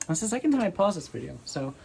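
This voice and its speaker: A woman with a low voice talks casually to her phone camera from her bedroom. She rambles and keeps restarting her sentences. A steady background noise sits under the recording. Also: quick pace, gravelly, low-quality recording. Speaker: vlogger. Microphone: phone propped on a windowsill.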